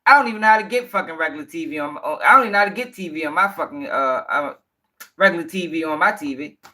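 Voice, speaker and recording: A man's voice: fairly high pitch, fast talker, bright, forceful tone. A man hosting a livestream commentary show, talking bluntly and profanely and firing back directly at viewers in the chat.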